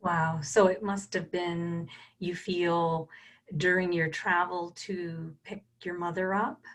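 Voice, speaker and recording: A woman host conducting an interview, asking sympathetic, gentle questions. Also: on the low side, little pitch movement, slow pace.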